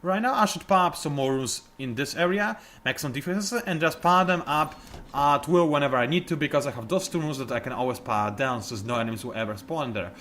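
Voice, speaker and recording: A man's voice: a little high, fast talker, a bit bright. A man commenting on a strategy game as he plays it, chatty and explaining each move, often trailing off and restarting sentences. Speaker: let's play commentator. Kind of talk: gameplay commentary. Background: game music.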